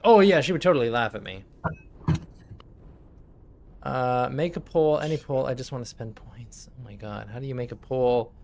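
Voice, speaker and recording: A man's voice: mid-range voice, moderate pace, vocal fry, long pauses, a little mellow, a little hiss or hum. A man chatting casually on his live stream, rambling, swearing freely and laughing often. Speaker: streamer and game master.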